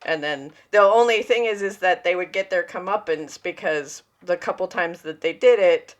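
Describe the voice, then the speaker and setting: A woman's voice: fairly low pitch, moderate pace. A woman in her forties, co-hosting a podcast, telling anecdotes in casual chat and acting out the voices of the people in them. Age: 40s. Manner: anecdotal storyteller, acts out quoted voices. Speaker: podcast co-host.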